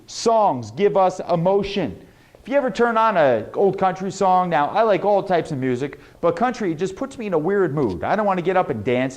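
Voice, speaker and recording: A young adult man teaching a sales lesson, animated and demonstrating tones with his own voice. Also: high voice. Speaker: sales trainer.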